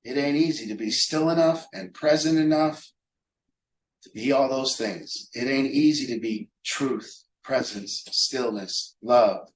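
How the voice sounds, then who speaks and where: A man's voice: medium pitch, measured pace. A man leading a recovery group talk, speaking emphatically and rhetorically. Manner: emphatic, rhetorical, acts out imagined voices. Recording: echoey room.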